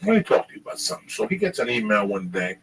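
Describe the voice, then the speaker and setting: Profane rambling storyteller man, bright tone. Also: on the low side, big pitch swings, very fast. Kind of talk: casual storytelling chat. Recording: distant mic with faint noise.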